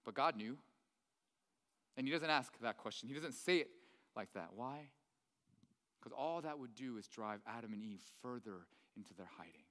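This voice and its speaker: A male pastor, around his thirties, preaching in a lively, conversational way with many rhetorical questions. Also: medium pitch, normal speed, pauses often. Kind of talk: sermon. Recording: long reverb of a large hall.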